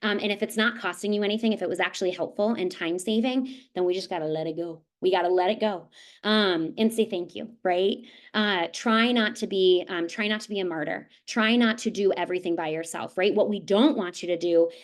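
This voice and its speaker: A woman in her thirties giving an online presentation in a friendly, chatty way. She keeps tagging her points with quick questions to the audience. Her pitch sits in an ordinary middle range. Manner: conversational, with frequent "right?" tags and animated acted-out asides. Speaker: nurse and lactation consultant presenter. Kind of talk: webinar presentation.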